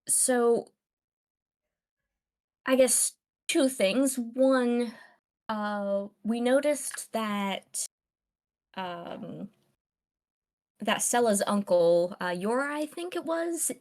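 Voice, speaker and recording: A woman playing a tabletop game, hesitant and thinking aloud as she works out her rolls. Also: a little high. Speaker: player.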